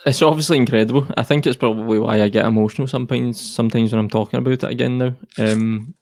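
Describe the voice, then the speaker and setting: A man's voice: medium pitch, fairly even intonation, fast talker, gravelly, a little mellow, dry recording. A Scottish man speaking as an interview guest, earnest and reflective. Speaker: guest, mental health charity co-founder. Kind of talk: personal interview talk.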